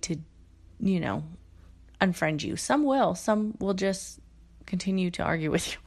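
Woman with gravelly fry giving advice. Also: mid-range voice, a little mellow. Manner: candid, frequent fillers and restarts. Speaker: host. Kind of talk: casual advice talk.

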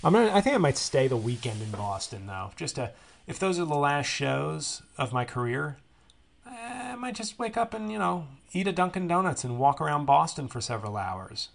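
A man's voice: a little high, very animated, normal speed, creaky. Sardonic rambling comedian man. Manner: rambling, sardonic, self-deprecating. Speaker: podcast host and comedian. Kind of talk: casual solo podcast monologue.

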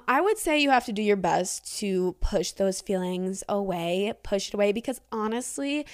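Giggly young woman podcast host. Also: medium pitch. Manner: chatty, giggly, animated reactions. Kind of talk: reading and reacting to listener secrets.

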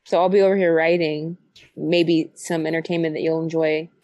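A woman's voice: deep voice, little pitch movement, moderate pace, dark tone, highs cut off. A woman in her thirties, chatting playfully as a guest on a podcast. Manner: playful, jokey. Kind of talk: casual chat.

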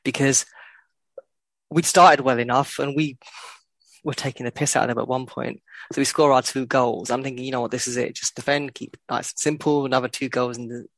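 Gravelly guy ranting about footy, swears a lot, dead dry sound. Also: medium pitch, steady tone, fairly quick, a bit bright, no echo. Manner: blunt, sweary, laughing. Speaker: podcast co-host. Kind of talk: casual football chat.

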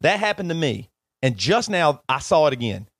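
Brief: male podcast co-host, emotional and pleading in a heated argument, slightly higher voice, dry close sound. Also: very animated, moderate pace, fairly bright tone, dry recording. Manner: emotional, pleading, talks over others. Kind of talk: heated argument between friends.

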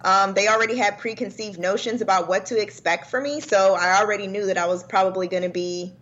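A woman's voice: mid-range voice, a little fast, fairly bright tone. A woman who is a guest over a video call, speaking bluntly and confidently with some sass. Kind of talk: casual interview. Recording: dull lo-fi call audio.

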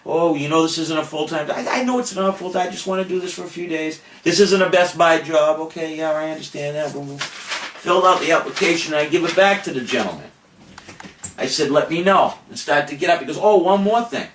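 A man's voice: fairly high pitch, fairly quick. An older man spins a brash, boastful tale, acting out the other people's lines as he goes. He sits back from the mic in a roomy space, with a faint hiss under him. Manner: brash, boastful, animated storytelling with mock-quoted voices. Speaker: podcast host saying farewell. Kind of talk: casual storytelling monologue. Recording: roomy, distant, faint noise.

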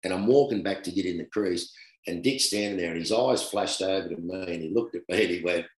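A middle-aged Australian man, a former cricketer, telling a long anecdote in a casual, animated way, often laughing. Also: low-pitched, brisk. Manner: animated, laughing storyteller who acts out quoted voices. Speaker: former cricketer, guest storyteller. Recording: roomy echo.

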